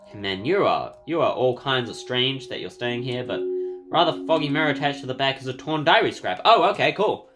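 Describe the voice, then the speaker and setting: A man playing through a horror game, giving casual, wry commentary and clearing his throat now and then. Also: medium pitch, lively intonation, fairly quick, over music. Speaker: game player. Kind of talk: let's play commentary.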